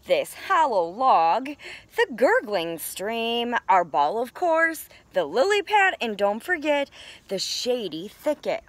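A woman doing a squeaky worried goose. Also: very animated, slow pace, dry recording, full character voice. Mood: fond. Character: timid fussy male goose, homebody.

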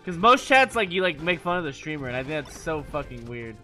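A gaming streamer with a voice on the high side chats casually and fairly quickly with his stream chat, cursing freely and laughing often in an animated way. Soft music plays in the background.

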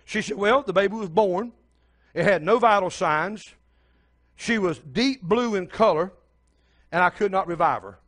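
A man's voice: high voice, expressive, measured pace, pauses often, fairly bright tone. An older man preaching a sermon as pastor, telling a story and speaking straight to the congregation.

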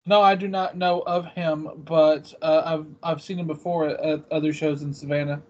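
A man being interviewed as a convention vendor, speaking in a relaxed, matter-of-fact way. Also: a little high, normal speed. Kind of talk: casual interview chat. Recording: dull lo-fi sound.

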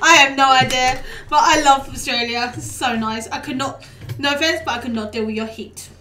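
A high, bright-voiced young woman chatting through a live game stream, laughing easily and bantering with what happens on screen. She sits a little back from the mic in an echoey room. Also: a little fast, far from the mic, a little hiss or hum. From United Kingdom. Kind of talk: casual live-stream chat.

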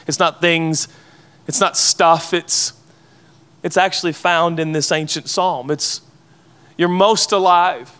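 Animated pastor preaching to a crowd. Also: male voice, high voice, clean tone. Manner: conversational and playful, asking the audience questions. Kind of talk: sermon. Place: conference hall before a live audience.

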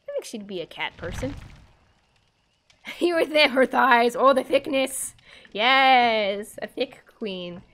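Young female streamer, animated and giggly, spooks easily; faint ambience under her. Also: a little high, takes it slowly, a little hiss or hum. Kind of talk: live game stream commentary.

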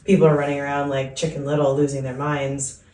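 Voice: medium pitch, monotone, quick pace, darkish tone, roomy sound, distant mic. A podcast host asking questions and offering encouraging affirmations in a casual interview.

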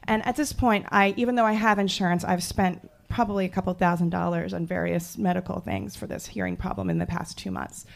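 A woman from the Jersey Shore telling a personal story live on stage, animated and self-mocking, laughing as she goes. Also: fairly low pitch, fairly quick, creaky, hardly any pauses. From Jersey Shore, USA.

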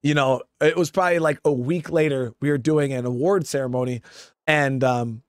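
A man's voice: medium pitch, steady tone, normal speed, no echo, studio quality. A Marine veteran telling a story in a casual, rambling way, swearing often and calling his listeners guys. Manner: profane, rambling, keeps addressing listeners as guys.

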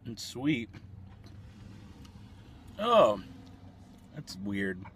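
A man vlogging casually at a fast food restaurant, rambling and talking with his mouth full as he tastes a dessert. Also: lowish voice, sing-song, a little hiss or hum. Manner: chatty, rambling, eating while talking. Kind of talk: casual food-tasting vlog.

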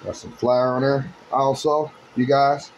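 A man's voice: medium pitch, fairly even intonation, unhurried, dull audio, a little hiss or hum. A man doing a casual cooking demonstration, talking chattily to his viewers as he works. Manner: chatty, addresses viewers as you guys. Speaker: home cook.

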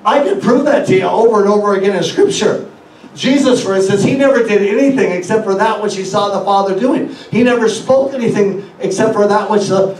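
A man's voice: sits high, brisk, darkish tone, roomy sound, distant mic, slight background noise, rough recording. A man preaching a sermon as a guest speaker, asking the congregation rhetorical questions and quoting scripture. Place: church hall.

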